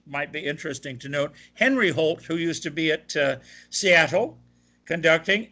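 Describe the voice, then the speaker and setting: Being interviewed as a guest, an older man from Ohio who sings opera tenor tells long, lively anecdotes and quotes people he encountered. His voice is bright and slightly high for a man.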